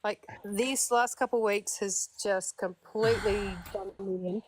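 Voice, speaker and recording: A woman's voice: mid-range voice, fairly even intonation, a little slow, a little hiss or hum. Weary woman, sighing as she talks. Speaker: debate co-participant. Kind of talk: live debate chat.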